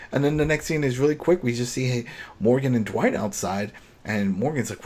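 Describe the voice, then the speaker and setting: A man's voice: mid-range voice, fairly quick. A man casually recapping a TV episode on a podcast, acting out the characters' lines as he retells the scenes. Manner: animated retelling, acting out dialogue.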